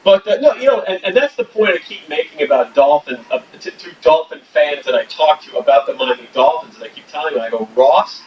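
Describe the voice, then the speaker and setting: A man's voice: on the high side, expressive, quick pace, hardly any pauses. A man co-hosting a casual sports podcast, ranting and swearing freely. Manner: profane, ranting. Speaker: podcast co-host. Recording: echoey, distant, dull, faint hiss.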